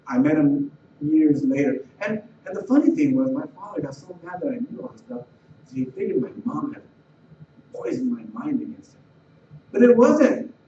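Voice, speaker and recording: High-voiced man telling his life story. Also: very animated, warm tone. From Los Angeles area. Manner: halting, repeats words and restarts, voice rising when retelling tense moments. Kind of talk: personal life story, told casually. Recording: roomy, distant, dull and slightly noisy.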